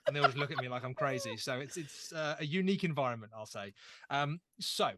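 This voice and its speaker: In this actual-play session, a young game master sets the scene for a horror tabletop game, joking at his own expense as he chats. He talks fast in a mid-range, slightly bright voice, over slight background noise.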